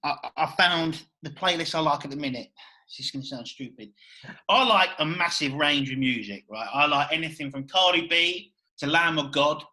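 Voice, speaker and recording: Brief: male podcast host, high bright voice, fired-up and profane in loose chat. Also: normal speed, low-quality recording. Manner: excitable, swears a lot, repeats "you know what I mean". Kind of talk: casual chat.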